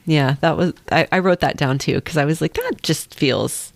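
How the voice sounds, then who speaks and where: A woman co-hosting a podcast, chatting casually and tossing in quick, playful remarks. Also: low voice, vocal fry, dry recording. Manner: quick, playful interjections and laughs. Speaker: podcast co-host. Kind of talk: casual chat.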